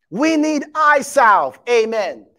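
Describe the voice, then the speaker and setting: A man preaching a sermon to his congregation, animated and emphatic, acting out quotes and calling out to the listeners. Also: very high voice. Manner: addresses congregation as beloved and y'all.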